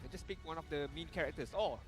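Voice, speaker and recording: A young man casting an esports match in a relaxed stream style, earnestly walking through stats and picks. His voice sits a little high. Game music plays clearly in the background. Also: fast. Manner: earnest, explanatory, quotes stats. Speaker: esports shoutcaster. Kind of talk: casual live-stream commentary.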